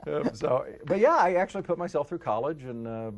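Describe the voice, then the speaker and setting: A middle-aged voice-over actor from the Kansas City area with a deep voice, telling stories in a casual interview and jumping into quoted voices. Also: male voice, a little fast. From Kansas City area, United States. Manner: animated, jumps into quoted voices.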